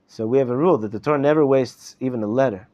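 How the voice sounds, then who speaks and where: A man's voice: medium pitch, rapid-fire. A middle-aged man, a rabbi, teaching an informal Torah class in a conversational way, often checking in with "right?". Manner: conversational, repeats words and asks "right?" often. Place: classroom in a study hall. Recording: dull live class recording.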